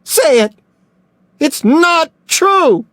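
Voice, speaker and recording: A man voicing a hot-tempered young male detective who shouts in a high, strained voice. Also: very animated, drawn-out words, no room sound, heavily acted. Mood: furious.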